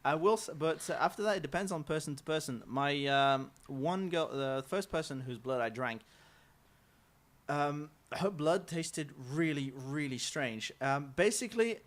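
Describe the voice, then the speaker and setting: A man with an English accent, a guest chatting casually on a talk show in a relaxed, playful way with frequent hesitations. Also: on the high side, measured pace. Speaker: studio guest.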